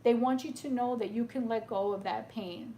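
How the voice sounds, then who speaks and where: A woman with a slightly high voice gives a gentle, reassuring tarot reading, often pausing to ask "okay?". She sounds tearful and emotional, her voice soft and consoling. A faint background noise sits behind her. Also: fairly even intonation. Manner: soothing, reassuring, keeps asking "okay?". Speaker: tarot reader. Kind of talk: live tarot reading to viewers.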